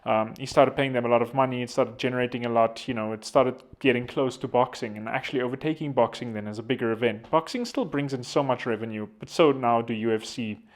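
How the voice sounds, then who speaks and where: A man's voice: medium pitch, fast talker, hardly any pauses. A young South African man giving casual political commentary, rambling and poking fun at himself. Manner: rambling, self-deprecating joking. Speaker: vlogger.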